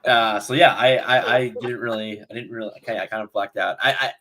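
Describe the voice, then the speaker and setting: A young man co-hosting a fan podcast, retelling a match in a rambling, animated way. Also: on the low side, brisk, a little hiss or hum. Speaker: podcast co-host. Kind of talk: casual chat.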